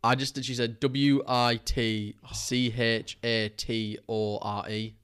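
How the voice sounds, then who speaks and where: A man's voice: mid-range voice, level tone, slow, a bit bright, clean tone. Teasing man bantering on a film podcast. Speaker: podcast co-host. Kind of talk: casual film podcast chat.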